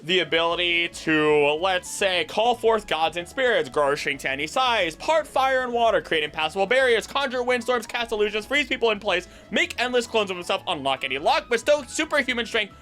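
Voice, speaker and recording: A man hosting a video, explaining myths in an animated, jokey, tangential way. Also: high voice, brisk, hardly any pauses, soft background music. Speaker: voice actor and video host. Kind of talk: casual explanatory commentary.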